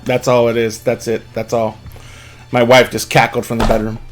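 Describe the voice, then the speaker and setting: A man's voice: mid-range voice, completely flat delivery, moderate pace, faint music behind. A man hosting a live stream, wrapping up with an upbeat, rambling sign-off full of fillers. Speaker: stream host.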